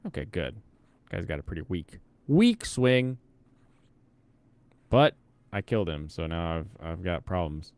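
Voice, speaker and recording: A man's voice: deep voice, lively intonation, a little slow, pauses often, a little mellow, no room sound. A young man from the Pacific Northwest giving casual commentary while playing a game, thinking aloud and chatting with viewers. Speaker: streamer.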